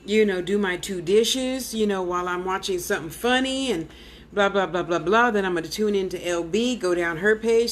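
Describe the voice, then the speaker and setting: A woman's voice: mid-range voice, slight background noise. A woman clairvoyant medium in casual live-stream chat at home, rambling and blunt, talking straight to her viewers.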